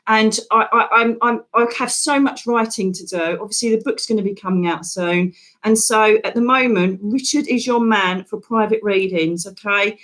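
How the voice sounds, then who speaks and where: A woman's voice: mid-range voice, normal speed, a bit bright. A woman psychic medium, hosting live readings in an emotional, affectionate way. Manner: emotional, affectionate, says darling.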